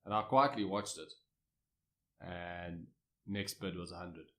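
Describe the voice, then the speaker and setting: A South African man in his thirties, a cricketer guest telling stories in casual chat, lively and anecdotal with frequent restarts. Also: deep voice, takes it slowly.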